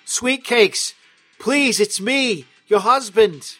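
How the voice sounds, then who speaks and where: A man voicing a smooth-talking male mob boss who pleads with his wife and heaps pet names on her. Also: very high voice, animated, drawn-out words, sharp tone, soft background music, voice pushed up, exaggerated voice. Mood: pleading.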